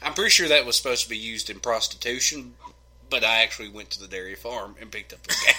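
A man's voice: mid-range voice, fast talker, bright, forceful tone, a little hiss or hum, rough recording. A young man co-hosting a casual podcast, teasing and cracking crude jokes while he has the hiccups. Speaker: podcast co-host. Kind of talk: casual chat.

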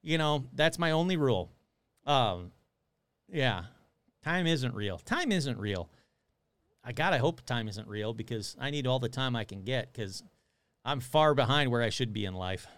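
A man's voice: mid-range voice, expressive, normal speed, fairly bright tone, clear, resonant tone, dry recording. A man hosting a casual live stream, chatting loosely, swearing and answering viewers' comments as he reads them. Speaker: livestream host.

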